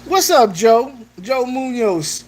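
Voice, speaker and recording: Woman hosting a livestream, kinda high voice, bouncing all over, slangy and jokey, faint hum behind. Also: slow. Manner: animated, joking, greets chatters by name; slangy, loose, with laughs and restarts. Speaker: livestream host. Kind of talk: casual livestream chat.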